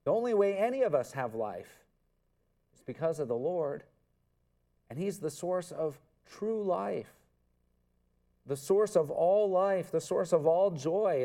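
A man's voice: fairly high pitch, mellow. A man preaching an expository sermon, earnest and emphatic, repeating words for stress. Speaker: pastor.

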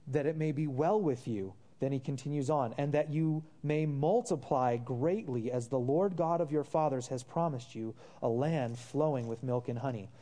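A man preaching in a warm, mellow voice at a middle pitch. He reads scripture and then turns to his listeners with repeated rhetorical questions. He calls them brothers and sisters and drops in casual asides. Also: normal speed, hardly any pauses. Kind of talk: sermon.

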